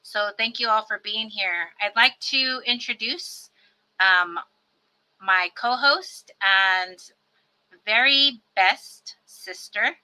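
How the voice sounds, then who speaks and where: Woman host, very bright voice, middle-aged, chatty welcome on a video call. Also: mid-range voice, slow pace, poor audio. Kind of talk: virtual event welcome.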